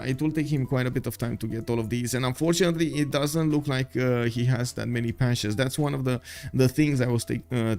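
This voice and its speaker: A man giving live commentary on a strategy game as a stream host, talking with lots of filler words and getting excited while answering his viewers. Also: medium pitch.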